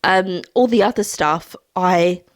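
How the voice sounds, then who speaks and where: A woman's voice: lowish voice, slow pace. A woman chatting about books in a monthly wrap-up, heartfelt and rambling with plenty of fillers. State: tearful at times. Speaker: book vlogger. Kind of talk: casual monthly reading wrap-up.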